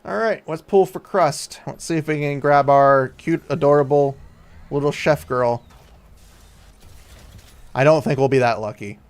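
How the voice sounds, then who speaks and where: A male streamer talking through his game live with animated, candid reactions. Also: fairly high pitch, a little slow, long pauses, clear, resonant tone. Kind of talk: game livestream commentary.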